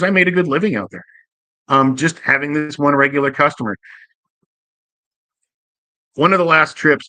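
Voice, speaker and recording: A man's voice: medium pitch, bright, forceful tone, no room sound. A man hosting a show, telling stories from his cab-driving years in a loose, profane, casual way. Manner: loose, profane, conversational with frequent restarts. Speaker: podcast host, former cab driver. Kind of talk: casual storytelling monologue. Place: Portland area.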